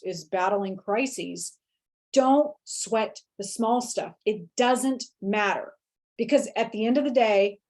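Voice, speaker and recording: A woman in her forties telling a candid personal story in an interview, animated and frank, now and then acting out the voices she quotes. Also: mid-range voice. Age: 40s. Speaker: feng shui teacher, interviewee.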